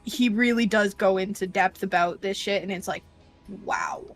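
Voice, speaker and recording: A woman chatting casually on a stream, excitable and swearing, laughing often. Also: mid-range voice, normal speed, faint music behind. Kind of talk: casual reaction chat.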